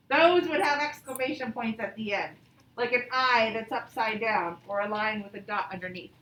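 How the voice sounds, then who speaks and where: A woman teaching a grammar lesson to young children online, reading example sentences slowly and with exaggerated expression. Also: high voice, sharp tone. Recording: echoey room, voice from a distance.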